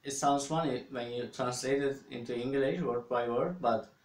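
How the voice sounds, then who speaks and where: A man's voice: medium pitch, fairly even intonation, normal speed, far from the mic. A man with a Turkish accent teaching phrases of his language, explaining patiently with many fillers and restarts. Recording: echoey room, set back from the mic.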